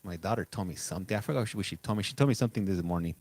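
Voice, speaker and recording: Low-voiced middle-aged man hosting a chatty live stream. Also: racing, darkish tone, dry recording. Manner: greets viewers by name, chatty, repeats stock phrases. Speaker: livestream host. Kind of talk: casual live-stream chat.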